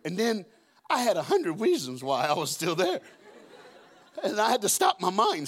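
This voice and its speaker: A man preaching a sermon as a guest speaker, telling stories and acting out the scenes with shouts and deep put-on voices. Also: sing-song, a little fast. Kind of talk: storytelling sermon. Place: church auditorium.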